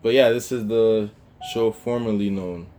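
A man with a somewhat low voice co-hosts a casual talk show. He rambles along loosely, stopping and restarting his sentences with plenty of fillers. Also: steady tone, a little slow, mellow, slight background noise. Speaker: podcast co-host. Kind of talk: casual chat.

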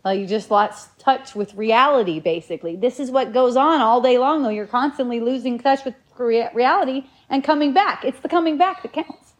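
A woman gives a casual spiritual talk, her voice sitting a little high. She muses in a rambling, reflective way and often circles back to restart a thought. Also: normal speed, few pauses.

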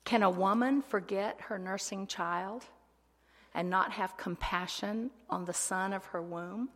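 A woman's voice: mid-range voice, a little slow. Woman preaching in a reverberant hall. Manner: dramatic, swings between loud proclamation and hushed whispers. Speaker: speaker. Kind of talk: sermon.

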